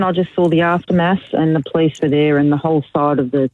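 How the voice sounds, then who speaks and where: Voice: mid-range voice, steady tone, fast talker. A caller phoning in to a talk radio show, giving plain, brief answers. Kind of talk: phone-in report. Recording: tinny phone line.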